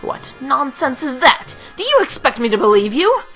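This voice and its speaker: A woman's voice: high voice, sing-song, moderate pace, a bit bright, husky, faint music behind, voice pushed up, heavily acted, low-quality recording. A woman reading a haughty, cruel female general from a game, with theatrical gloating laughter. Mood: scornful.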